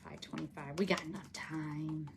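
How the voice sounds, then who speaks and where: A woman's voice: low-pitched, fairly even intonation, moderate pace, noisy background. A woman with a runny nose, hosting a casual craft livestream, chatting with viewers as she works and laughing often.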